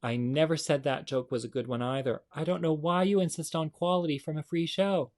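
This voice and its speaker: A man's voice: on the high side, fairly even intonation, brisk, darkish tone. A man hosts a comedy show, telling jokes in a chatty, self-mocking style. He talks to the audience directly and laughs off his own bad jokes.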